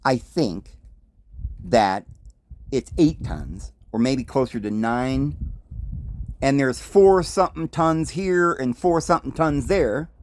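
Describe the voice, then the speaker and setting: A man from the United States hosting a commentary monologue, speaking emphatically with rhetorical questions and asides. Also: mid-range voice. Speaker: host.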